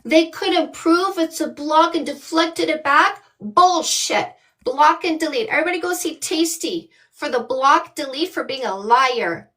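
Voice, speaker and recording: A woman's voice: high voice, animated, unhurried, bright, forceful tone. A woman from Canada, a dating coach, ranting on a livestream in a blunt, mocking and profane way. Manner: scolding, with many rhetorical questions. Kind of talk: livestream rant.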